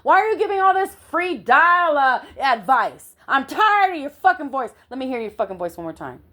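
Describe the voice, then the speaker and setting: A woman's voice: medium pitch, animated, rapid-fire, dark tone, lightly acted. A woman voicing a furious, profane young woman inmate who snarls threats.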